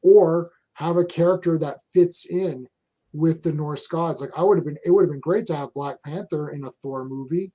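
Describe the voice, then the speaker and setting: A Canadian man hosts a casual chat in a mellow voice that sits a little high for a man, speaking at a moderate pace. He rambles through strong opinions, frequently stopping and restarting his sentences.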